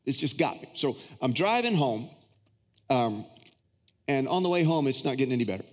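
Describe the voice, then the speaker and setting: A middle-aged pastor with a drawl preaching to his congregation, his voice carrying through the long reverb of a big church hall. He sits at a middle pitch in plain narration, then jumps much higher when he acts out his pleading prayers, telling personal stories in a loose, unscripted way. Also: normal speed. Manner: storytelling, swings into high excited acted-out prayers. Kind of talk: sermon. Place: large church auditorium.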